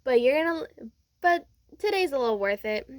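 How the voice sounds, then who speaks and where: A woman's voice: high-pitched, animated, moderate pace. A woman voicing a playful, cheerful teenage girl who teases her boyfriend, talking casually. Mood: teasing.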